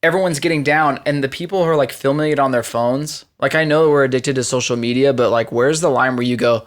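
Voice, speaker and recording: A man's voice: medium pitch, quick pace. A man co-hosting a podcast, chatting casually and acting out the people in his stories. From Las Vegas, Nevada. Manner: animated storyteller acting out quoted people. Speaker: podcast co-host. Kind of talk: casual chat.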